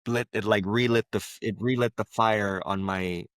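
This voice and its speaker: A man, a coach and interview guest, telling an emotional personal story in a reflective, halting way with many filler words. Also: on the low side, steady tone, a bit bright, no room sound.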